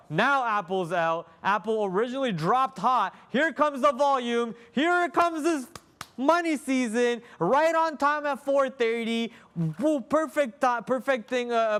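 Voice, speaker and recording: Livestream host, male, high clear tone, excitable and thinking aloud as he watches the market. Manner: excitable, thinking aloud, many fillers and restarts. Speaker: day trading livestream host. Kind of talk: live market commentary.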